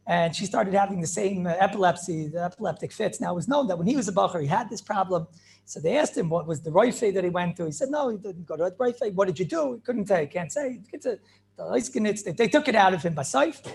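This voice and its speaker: Gravelly-voiced rabbi telling stories. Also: male voice, high-pitched, a little mellow. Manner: retells stories with many repeated phrases and restarts; mixes in Yiddish and Hebrew words. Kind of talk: inspirational storytelling talk.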